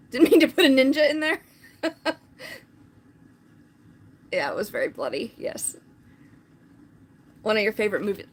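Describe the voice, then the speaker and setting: A woman's voice: fairly high pitch, a little hiss or hum. A woman chatting casually on a live stream, rambling with lots of filler words.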